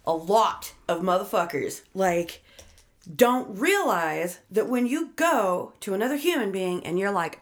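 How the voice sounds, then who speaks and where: Woman, casual talker, blunt and foul-mouthed, animated explainer. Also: mid-range voice, unhurried. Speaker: friend giving advice. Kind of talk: casual chat.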